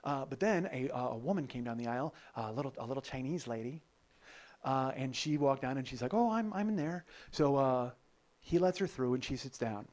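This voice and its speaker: A man's voice: medium pitch, fairly quick, darkish tone. A man hosting a comedy podcast, telling a long travel story in a loose, profane way and often laughing at his own jokes. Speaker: podcast host.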